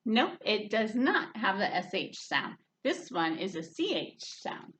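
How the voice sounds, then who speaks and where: A woman librarian leading a children's story hour phonics lesson, drawing words out in a sing-song teacher voice and shushing softly. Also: mid-range voice, big pitch swings, a little slow.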